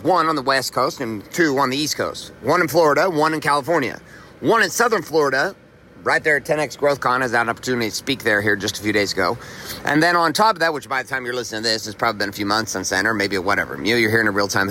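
Bright-voiced motivational podcast man. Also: mid-range voice, a little hiss or hum. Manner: emphatic, profane, repeats phrases for effect. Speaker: podcast host. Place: outdoors walking in the rain.

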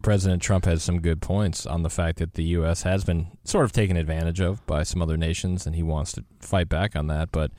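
A man's voice: low-pitched, fairly quick, hardly any pauses, no echo. A man hosting a live radio talk show in a studio, chatting casually with many fillers. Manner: relaxed, rambling, many fillers.

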